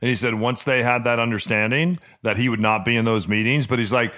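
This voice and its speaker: A man with a mid-pitched voice co-hosts a casual chat. He chimes in with short asides and adds details to his partner's story. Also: brisk, hardly any pauses, a bit bright. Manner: short interjections and clarifying asides. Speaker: podcast co-host.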